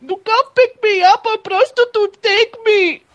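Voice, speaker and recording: A shrill, rambling Indian caller. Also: unhurried, a bit bright, muffled recording. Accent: put-on Indian. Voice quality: shrill, broken English. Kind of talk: prank call.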